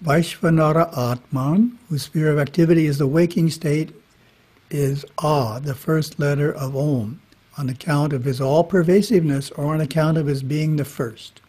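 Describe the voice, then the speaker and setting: A man giving a spiritual talk, reading scripture in a measured way with brief casual asides. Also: fairly high pitch, steady tone, mellow, breathy edge. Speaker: monastery teacher. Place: monastery. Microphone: webinar microphone.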